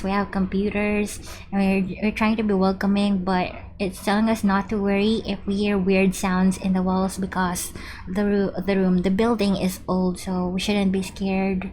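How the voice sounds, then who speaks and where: A young woman gives relaxed, chatty commentary during a game stream, reading the in-game text aloud as she goes. Her voice sits at an ordinary middle pitch, and a faint hiss runs under the recording. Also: moderate pace. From Philippines. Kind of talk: live gameplay commentary.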